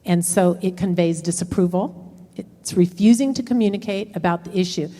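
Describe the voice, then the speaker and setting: A woman's voice: on the low side, moderate pace, mellow, long reverb tail. A middle-aged woman counselor giving a workshop talk, explaining step by step and acting out dialogue from examples. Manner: explanatory, acts out quoted dialogue. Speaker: relationship counselor. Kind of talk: workshop presentation. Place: lecture room.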